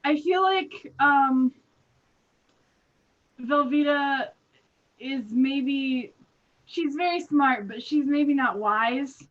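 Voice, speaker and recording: A woman's voice: high voice, drawn-out words, pauses often. A woman playing in a tabletop game, hesitant and laughing as she thinks aloud. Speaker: player. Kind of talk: casual role-play chat. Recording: dull lo-fi mic.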